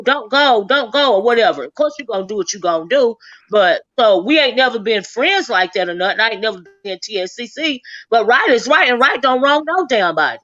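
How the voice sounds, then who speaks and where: A woman's voice: fairly high pitch, sharp tone, dry recording. A woman talking bluntly and with a lot of profanity in a heated livestream conversation. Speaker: livestream guest. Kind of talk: heated casual livestream talk. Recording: dull lo-fi stream audio.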